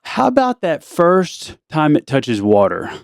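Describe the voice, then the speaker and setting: A man's voice: on the high side, gravelly, dry recording, studio quality. A middle-aged man hosting a casual family podcast, teasing his daughters in a playful way. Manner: teasing, playful, quotes people in a drawn-out deadpan. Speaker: podcast host, father.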